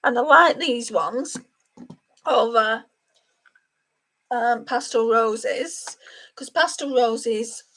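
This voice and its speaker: A woman's voice: a little high, extremely slow, pauses often, bright, forceful tone. A woman chatting casually to viewers by name while she does her makeup on a livestream. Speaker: beauty livestream host.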